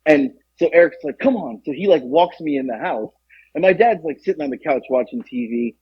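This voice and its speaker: Young male podcast co-host, husky, animated storyteller who acts out the voices. Dull, dry lo-fi sound. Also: fairly quick, dry recording. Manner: animated, acts out quotes with jumps in pitch. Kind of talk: casual storytelling.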